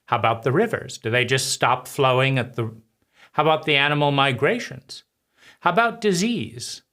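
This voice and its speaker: A man hosting his own channel, giving a slow, deliberate philosophical monologue with frequent pauses between phrases. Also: medium pitch, lively intonation, bright, forceful tone. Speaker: channel host.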